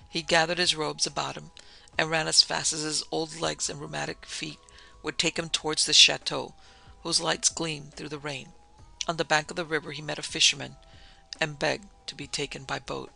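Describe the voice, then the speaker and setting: A man narrating a gothic ghost story as a podcast host, in a measured, solemn reading style with a gravelly voice. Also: on the high side, little pitch movement, bright, forceful tone, soft background music, rough recording.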